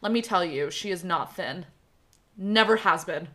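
Young woman on a podcast, bright voice, swears a lot, acts out every quote. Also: lowish voice, moderate pace. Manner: animated storytelling, swears freely, acts out quotes. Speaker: podcast co-host. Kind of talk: casual chat.

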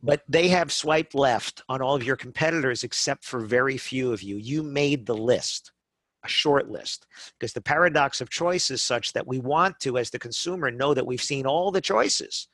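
A middle-aged man in easy podcast conversation, spinning sales stories with lots of energy and acting out the customers he describes. He keeps checking in with a quick "right?". The sound is close and dry. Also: medium pitch, no echo. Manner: animated storytelling, acts out customers, frequent "right?" tags. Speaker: guest speaker on wedding business.

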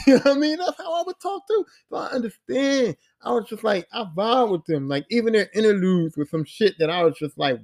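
High-pitched man ranting with profane emphasis. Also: animated, moderate pace, gravelly, few pauses. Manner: slangy street talk. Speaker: podcast host. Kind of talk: casual solo podcast rant.

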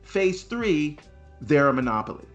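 A man co-hosting a gaming podcast, talking in an animated and sarcastic way with faint music behind. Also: on the high side, measured pace, highs cut off. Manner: animated, sarcastic, mock voices for effect. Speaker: podcast co-host. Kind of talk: casual gaming chat.

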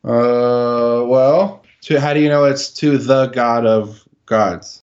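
A man's voice: mid-range voice, takes it slowly, darkish tone, clean tone, dull audio. A man teaching a Hebrew text in casual dialogue, asking pointed questions and correcting terms with dry jokes. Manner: questioning, exacting, jokey. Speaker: teacher leading a Hebrew reading session.

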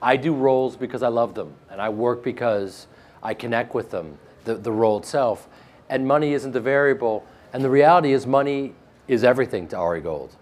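A man with a flat Midwestern American accent, interviewed about his acting work, joking and self-deprecating with frequent restarts. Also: mid-range voice, brisk. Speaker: actor interviewed. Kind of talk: casual interview chat.

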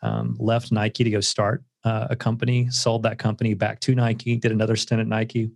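A man's voice: on the low side, completely flat delivery, moderate pace, no echo, clean studio sound. A man speaking as a guest author in a casual interview, earnest and reflective, with many filler words.

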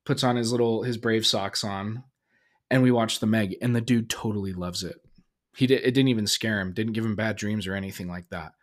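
Low-voiced man telling a rambling story. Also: steady tone, fairly quick. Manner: rambling with restarts and fillers. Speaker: podcast host. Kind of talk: casual solo podcast storytelling.

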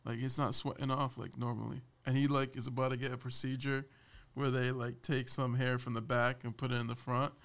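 A young man appears as a podcast guest, speaking in a mid-range voice at a slightly quick pace. He chats casually and with lots of energy, telling stories, laughing often, and loudly mimicking his boss.

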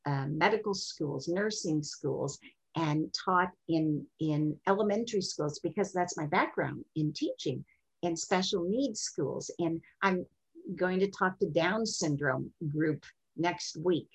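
Older female guest, husky, lower-pitched, animated storyteller. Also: slow pace, poor audio. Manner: expressive, jumps into high voices when quoting. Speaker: sexologist and guest.

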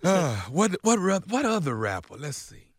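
A man's voice: on the high side, big pitch swings, normal speed, dry recording, clean studio sound. A man hosting on a radio morning show, bantering with co-hosts in a playful, teasing way. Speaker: radio show host and prankster. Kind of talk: casual studio banter.

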